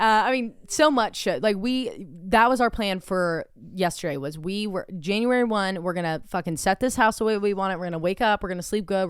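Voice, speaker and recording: A woman's voice: mid-range voice, clean tone, no echo, clean studio sound. A young woman co-hosting a podcast, telling a story in casual chat, swearing often and acting out what people said. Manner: animated storytelling, swears a lot, acts out quotes loudly. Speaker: podcast co-host.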